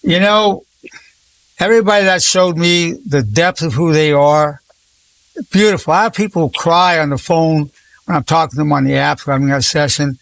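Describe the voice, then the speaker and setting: Gravelly old man leading a group. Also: fairly high pitch, moderate pace. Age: 80s. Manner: effusive, warmly repeats praise words. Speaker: psychologist leading a group session. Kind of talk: encouraging group talk.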